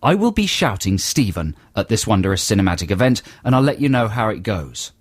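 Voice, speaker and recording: A man's voice: fairly low pitch, very animated, brisk, no echo. A man co-hosting a casual radio show, reading listener emails aloud with dry, wry asides in a studio. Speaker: radio co-host.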